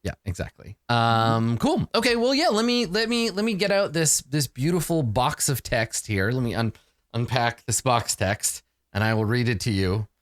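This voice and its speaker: A man's voice: mid-range voice, moderate pace, dry recording, clean studio sound. A man running a tabletop game as dungeon master, reading the dramatic scene-setting text aloud. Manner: lively, reads dramatic box text.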